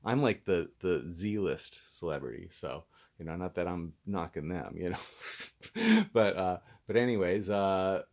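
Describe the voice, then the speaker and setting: A man's voice: deep voice, measured pace, vocal fry, darkish tone. A man hosting a casual vlog review who talks in a rambling, laid-back, self-deprecating way while mildly stoned. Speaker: host and reviewer.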